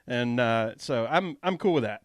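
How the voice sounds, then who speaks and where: A man's voice: medium pitch, animated, moderate pace, no echo. A man hosting a podcast, telling stories in a laid-back way with lots of fillers. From Atlanta area, US. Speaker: podcast host. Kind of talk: casual podcast chat. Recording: dry close mic.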